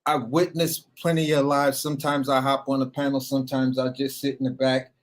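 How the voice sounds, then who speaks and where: A man's voice: medium pitch, fairly quick. A man calling into a live stream, talking animatedly with lots of swearing and acting out arguments. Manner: animated, profane, acts out arguments. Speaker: call-in guest. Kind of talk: casual live-chat talk.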